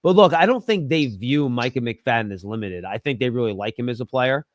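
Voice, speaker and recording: Measured football analyst guest. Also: male voice, medium pitch, lively intonation, dry recording, studio quality. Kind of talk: interview answers.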